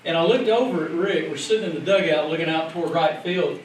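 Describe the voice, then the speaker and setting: Animated man telling a story in a roomy hall. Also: on the high side, fast talker, slight background noise. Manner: lively, shouting out quoted lines. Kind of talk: animated anecdote. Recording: echoey hall, mic at a distance, crowd.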